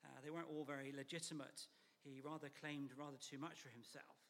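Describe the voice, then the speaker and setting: A man preaching a sermon in a church, measured and emphatic, sometimes dropping to a near whisper. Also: a little high, flat delivery, a bit bright, big-room sound.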